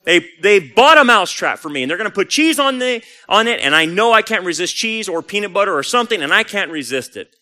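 A man's voice: sing-song, moderate pace, sharp tone, clear, resonant tone. A man voicing a panicky little male mouse who pleads with the other farm animals for help. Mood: panicked. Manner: pleading, breathless, high-strung.

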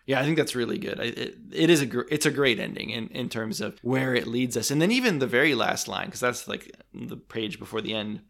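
A man's voice: medium pitch, expressive, brisk, vocal fry, hardly any pauses, a bit bright. A man hosting a podcast, discussing a book with enthusiasm and then wrapping up the episode and announcing the next one. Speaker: podcast host.

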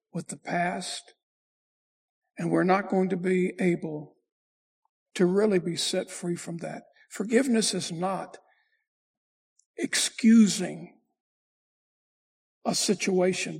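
Raspy high-voiced preaching pastor. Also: male voice, a little mellow. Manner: preaching with emphatic rises and slow drawn-out phrases. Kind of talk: sermon.

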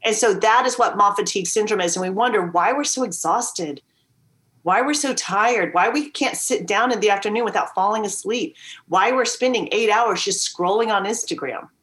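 A woman's voice: medium pitch, normal speed. Earnest mom telling her story on a call. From Virginia. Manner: earnest and emphatic, lively storyteller. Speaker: podcast guest. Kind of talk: candid storytelling interview. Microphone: video call.

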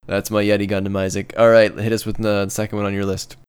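A man with a very low, smooth and clear voice co-hosting a casual podcast. He explains his ideas at length with easy enthusiasm, in a relaxed conversational tone. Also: quick pace, no echo. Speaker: co-host.

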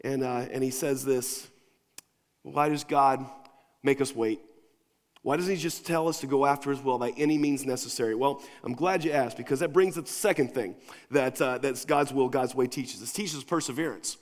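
A man's voice: mid-range voice, moderate pace. Man preaching in a reverberant hall. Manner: conversational preaching, swings between quiet and emphatic. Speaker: pastor. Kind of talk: sermon. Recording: long reverb of a large hall.

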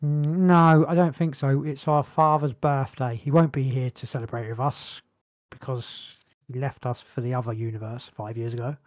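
A man's voice: medium pitch, steady tone, moderate pace, no echo, clean studio sound. A man co-hosting a podcast in casual chat, joking around. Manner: jokey, breaks into silly singing. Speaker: podcast co-host.

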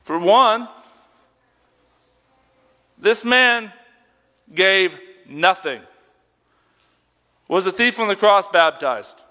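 A man's voice: sits high, expressive, very slow, long pauses, pushed and bright, big-room sound. A young man preaching a sermon as a youth pastor, conversational and emphatic, asking rhetorical questions.

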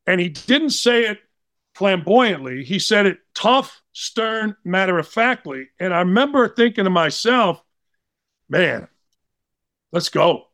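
A man in his sixties telling blunt, animated sports stories as a podcast guest. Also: high-pitched, measured pace, dry recording, studio quality. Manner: blunt, animated, slangy anecdotes. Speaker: guest, former college basketball player. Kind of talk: casual storytelling.

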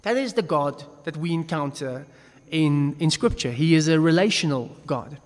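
High-voiced man teaching in an echoey hall. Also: lively intonation, moderate pace. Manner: chatty, joking, with frequent restarts. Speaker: Bible teacher. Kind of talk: casual teaching talk. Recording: long echo of a reverberant hall.

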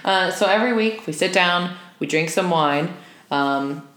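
A woman's voice: fairly low pitch, a little slow, fairly bright tone. A young woman co-hosting a podcast, chatty and playful, recorded in a sparse apartment. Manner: chatty and playful, rambling with fillers. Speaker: podcast co-host. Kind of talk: casual podcast chat. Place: sparse, empty apartment room. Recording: echoey empty room.

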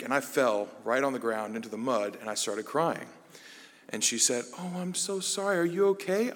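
Man, bible study teacher, chatty self-mocking storyteller, middle pitch, ringing hall reverb. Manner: self-deprecating storyteller, relaxed and conversational. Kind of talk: conversational sermon.

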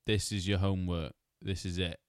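A man's voice: deep voice, little pitch movement, fairly quick, clear, resonant tone, no echo, studio quality. A man hosting a podcast, chatting casually, teasing his co-host, swearing and laughing often. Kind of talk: casual chat.

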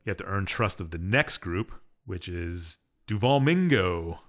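A man's voice: low voice, lively intonation, measured pace. A man co-hosting a podcast, casually recapping a game's story in a laid-back, dismissive way. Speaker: podcast co-host. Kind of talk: casual chat, recapping a game plot.

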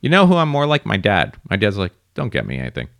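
A man in his thirties, co-hosting a podcast in casual chat and telling animated stories. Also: fast talker, creaky, no room sound, studio quality. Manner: animated storytelling, mimics people in high voices. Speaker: podcast co-host.

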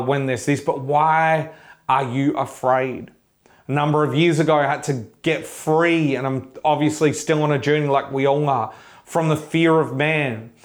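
Fervent male pastor, higher voice. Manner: fervent, repeats phrases for emphasis; declares encouragement to listeners. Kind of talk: online sermon.

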